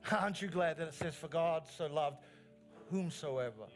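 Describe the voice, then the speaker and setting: A male pastor preaches an earnest sermon in church, stressing lines by repeating them as his emphatic phrases rise. His voice is on the high side and a little fast, with faint music in the background.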